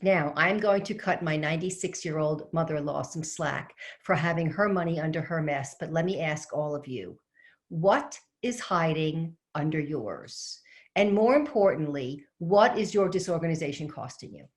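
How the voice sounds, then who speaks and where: A middle-aged woman with a notably low voice, speaking from home over a video call. She is an organizing coach giving a webinar, telling a chatty family story and turning to ask her listeners questions. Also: expressive, moderate pace. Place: home with fresh flowers behind her.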